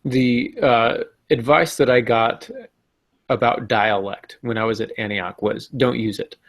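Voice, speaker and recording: A man hosting a podcast about fiction writing, talking casually with a co-host and often pausing on ums and restarts. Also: medium pitch, steady tone, vocal fry, a bit bright. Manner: hesitant, many ums and restarts, self-deprecating. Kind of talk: casual discussion.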